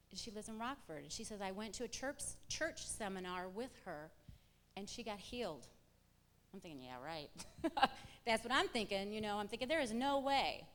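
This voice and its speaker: Middle-aged woman, church testimony, lively storyteller acting out dialogue, long hall reverb. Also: medium pitch. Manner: animated storyteller acting out quoted exchanges. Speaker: church member giving testimony. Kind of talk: personal testimony to a congregation.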